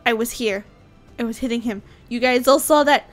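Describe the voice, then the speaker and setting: A young woman casually commenting on her gameplay, excitable and chatty, often squealing with surprise. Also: high voice, normal speed. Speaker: gaming YouTuber. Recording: faint game music behind.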